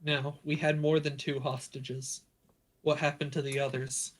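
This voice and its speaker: A man voicing an angry woman warrior who threatens in a low, quiet voice in a tabletop game. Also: flat delivery, measured pace. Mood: menacing.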